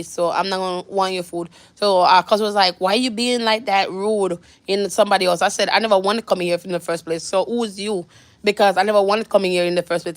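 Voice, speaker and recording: A woman's voice: mid-range voice, no room sound. A young Jamaican woman vlogger telling a storytime, rambling with many restarts and fillers. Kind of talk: storytime vlog.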